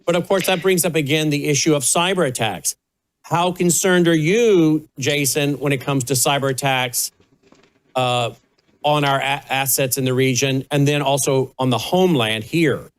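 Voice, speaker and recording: A man's voice: a little high, normal speed, clean tone. A man co-hosting live news coverage, reading updates and asking probing questions in a conversational way. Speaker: news co-host.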